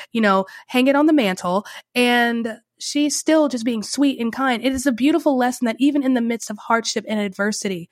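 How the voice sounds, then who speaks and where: A woman talks through a story as a podcast host, chatty and opinionated, with wry asides along the way. Her voice sits fairly high. It sounds dry and close to the mic. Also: no echo. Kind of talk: opinionated commentary.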